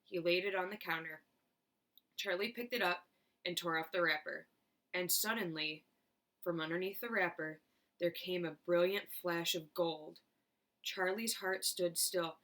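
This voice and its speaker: A woman teacher reading a children's chapter book aloud with clear, expressive narration. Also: on the low side, measured pace. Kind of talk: storybook read-aloud.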